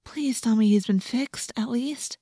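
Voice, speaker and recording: A cautious, wry teenage girl in a storybook, soft and doleful, as a woman reads her. Her words come quiet and a little weary. The sound is close and dry. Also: fairly high pitch, moderate pace, dry recording, lightly acted.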